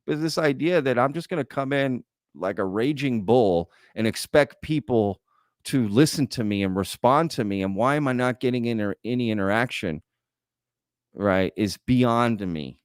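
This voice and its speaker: A man's voice: medium pitch, lively intonation, moderate pace, clean tone, dry recording, studio quality. A man hosting a live stream, reading chat comments aloud and lecturing bluntly. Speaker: host.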